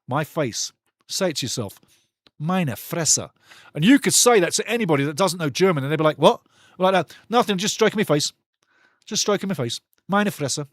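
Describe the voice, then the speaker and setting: A middle-aged man calls a football match live in an energetic, chatty way, switching between quick play-by-play and rambling stories. His voice sits a little high for a man. It is recorded close and dry, with no room sound. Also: no room sound. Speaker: watch-along football commentator. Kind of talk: live watch-along match commentary.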